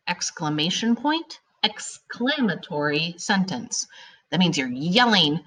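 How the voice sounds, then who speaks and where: A woman teaching a recorded grammar lesson to her students, animated and emphatic, stretching out key words as she explains. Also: on the low side, unhurried.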